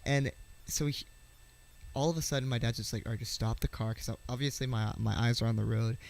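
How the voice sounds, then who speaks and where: A man telling a personal story to camera in a casual vlog, halting, with many fillers, restarts and swear words. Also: mid-range voice, vocal fry. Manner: swearing, excitable. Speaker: vlogger.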